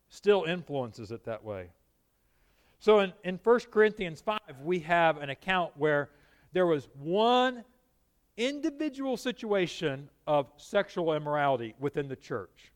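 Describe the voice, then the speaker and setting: Guy preaching a sermon, smooth clear voice a bit on the high side, animated, keeps asking the crowd questions. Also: normal speed. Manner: animated, emphatic, asks the congregation questions.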